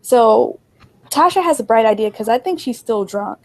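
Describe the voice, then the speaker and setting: A young woman co-hosting a casual chat, telling a wild story and acting out the people in it with her voice jumping up high. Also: normal speed. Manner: animated, acts out quotes in a raised voice. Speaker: podcast co-host.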